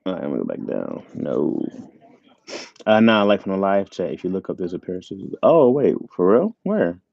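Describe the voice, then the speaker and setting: A man's voice: low-pitched, sing-song, fairly quick, creaky, no room sound, lo-fi sound. Laid-back man chatting on a livestream. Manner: laid-back, laughs often, reads chat aloud. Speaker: livestream host. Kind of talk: casual live chat with viewers. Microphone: tablet mic with earbuds.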